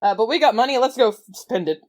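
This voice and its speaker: A woman's voice: fairly high pitch, lively intonation, quick pace. A woman playing a character in a tabletop game, laid-back and dry, with a wry sense of humor. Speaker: player.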